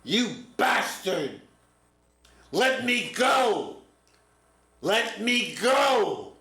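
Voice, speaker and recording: An older man voicing a rebellious teenage boy who yells to be let go, in a roomy echo. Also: mid-range voice, normal speed, vocal fry, lightly acted. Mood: furious yelling. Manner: yelling furiously.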